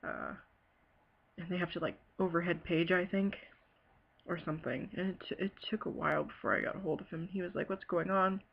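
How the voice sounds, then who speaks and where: A woman from Ohio telling a personal story in a halting, hesitant way, full of fillers and pauses. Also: lowish voice, vocal fry, muffled recording. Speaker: bereaved sister telling her story. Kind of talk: personal testimony.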